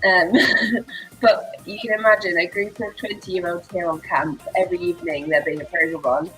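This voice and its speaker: A woman's voice: on the low side, steady tone, normal speed, sharp tone, faint music behind, rough recording. A woman with an English accent, leading a live workout class in a bubbly, rambling way and laughing often. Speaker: fitness instructor.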